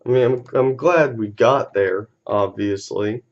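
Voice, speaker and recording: Slow-talking, easygoing male card streamer. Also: mid-range voice, lo-fi sound. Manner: laid-back, swears casually, easily amused. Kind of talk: casual live-stream commentary.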